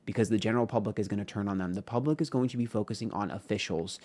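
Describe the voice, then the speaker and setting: A man with a fairly low voice gives a casual tarot reading straight to camera. He rambles through the cards in a frank, profane way, full of fillers and sudden emphasis. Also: racing, a little mellow. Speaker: tarot reader.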